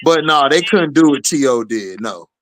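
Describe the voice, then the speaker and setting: A man hosting a casual sports talk show, animated and emphatic with lots of slang. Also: a little high, moderate pace, no echo. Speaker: podcast host.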